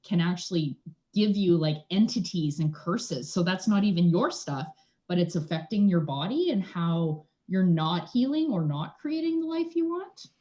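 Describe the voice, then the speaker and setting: A woman's voice: fairly low pitch, moderate pace. A woman speaking as a guest in an interview, explaining things in a chatty, casual way and often checking in with "right?". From Canada. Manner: chatty, often tags "right?", animated asides. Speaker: energy healer, guest.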